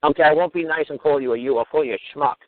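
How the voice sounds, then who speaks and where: A man's voice: on the high side, rapid-fire, dry recording. A man hosting a radio talk show, ranting with crude, mocking, swear-filled talk. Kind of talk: profane ranting monologue. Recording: tinny phone-line radio audio.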